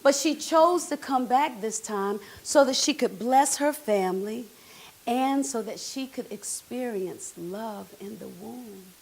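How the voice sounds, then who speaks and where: A woman performing a theatrical one-woman stage monologue, emotional and swinging from hushed lines to shouted ones. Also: a little high, slow, gravelly.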